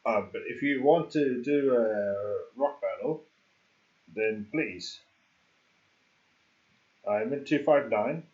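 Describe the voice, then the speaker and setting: A man's voice: medium pitch, takes it slowly, pauses often, darkish tone. A male game streamer chats casually and rambles, often joking at his own expense. His voice sits in a middle range, and the sound is dull and lo-fi. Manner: rambling, joking, laughs at himself. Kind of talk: casual livestream chat.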